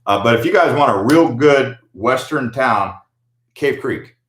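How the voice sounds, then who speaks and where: An American man hosts a casual livestream, answering viewers in a laid-back, slangy way with plenty of fillers. His voice sits at an ordinary middle pitch. The sound rings around a roomy, echoey space. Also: animated, measured pace. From United States. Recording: echoey room.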